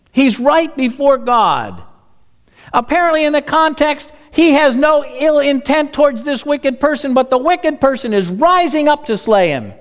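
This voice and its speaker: A man preaching a sermon, reading scripture aloud and asking the congregation rhetorical questions. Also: very high voice. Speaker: pastor.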